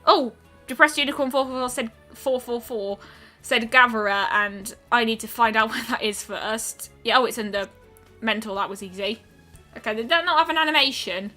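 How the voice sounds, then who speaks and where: During a game stream, a woman muses aloud over soft game music, giving casual commentary in a bright, slightly high voice. Her thoughts come out chatty, frequently trailing off or hanging on an "um" before she completes them.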